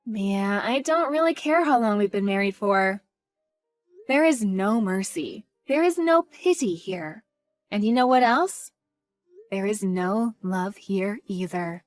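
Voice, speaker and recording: A woman acting out a cold, cutting wife who mocks her cheating husband in a voiced story drama. Her voice sits a little high, with faint music underneath. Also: normal speed, few pauses, no echo, lightly acted. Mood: scornful.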